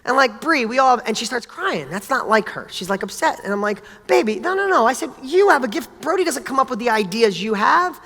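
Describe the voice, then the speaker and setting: Bright, forceful male speaker giving a motivational talk, animated and blunt in his storytelling. His voice rings with a long reverb, as in a large hall. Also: very high-pitched, brisk, few pauses. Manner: animated, casual, blunt, with mild swearing. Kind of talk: motivational talk with personal stories.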